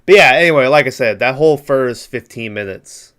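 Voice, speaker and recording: A man's voice: mid-range voice, lively intonation, a little fast, a bit bright, clean tone. A man co-hosting a casual movie podcast, recapping scenes in a laid-back, profane way and laughing often. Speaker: podcast co-host.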